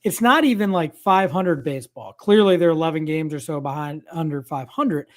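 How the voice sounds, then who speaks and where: Older male co-host, high pitch, casual wry rambling delivery. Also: moderate pace. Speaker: podcast co-host. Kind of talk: casual sports chat.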